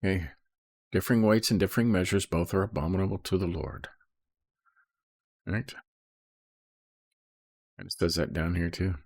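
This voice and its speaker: Husky deep-voiced man explaining scripture. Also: normal speed, pauses often, a little mellow, dry recording, studio quality. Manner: reads verses then explains, peppered with "okay?" and "right?". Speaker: Bible study teacher. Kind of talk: casual Bible commentary.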